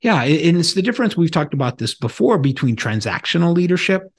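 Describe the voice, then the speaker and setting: A middle-aged man co-hosts a podcast in a relaxed, conversational way. He leans on personal anecdotes and often restarts his sentences as he thinks aloud. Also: on the high side, quick pace. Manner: storytelling with anecdotes, frequent restarts. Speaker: podcast co-host.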